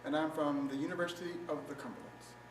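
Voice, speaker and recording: A man's voice: on the high side, fairly even intonation, quick pace, slight background noise. A man teaching trombone, explaining articulation step by step in a methodical way. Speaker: trombone instructor. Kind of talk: music lesson demonstration. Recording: very echoey room, mic at a distance. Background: trombone playing.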